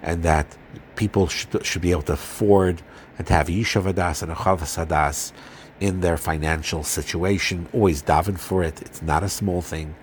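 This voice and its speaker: Deep-voiced man, earnest and gentle lecturer, faint hiss under the recording. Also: fairly even intonation. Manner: earnest, gentle, often pauses with fillers and restarts. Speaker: Torah teacher giving a marriage talk. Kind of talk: informal religious lecture.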